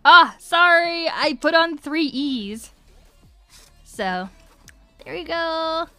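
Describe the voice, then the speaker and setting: An Irish-accented voice actress chats and giggles on a livestream while signing autographs at home, faint music behind her. Her voice is very high, pushed and bright, extremely slow, with no echo, and she muses aloud as she writes.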